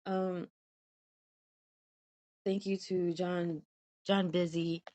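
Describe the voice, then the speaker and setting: A woman's voice: lowish voice, flat delivery, drawn-out words, mellow. A woman who hosts a podcast, reading a storybook tale aloud and then chatting about it in a gushing, chatty way with frequent laughter. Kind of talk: storybook reading and casual chat.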